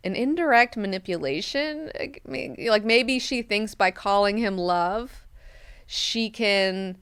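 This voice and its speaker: A woman hosting a book club, recapping chapters in a chatty, animated style full of filler words. Her voice is smooth and clear at a middle pitch. The sound is dry and close to the mic. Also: takes it slowly, no room sound.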